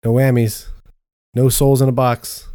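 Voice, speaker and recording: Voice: medium pitch, little pitch movement, a little slow, mellow. A tabletop game player making laid-back joking remarks. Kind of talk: casual tabletop game play.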